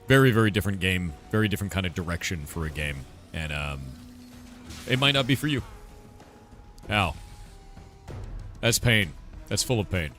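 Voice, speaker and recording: A man streams a game, giving casual commentary and playfully teasing chat with silly mispronunciations. His voice sits low with a bit of brightness, and faint music plays behind him.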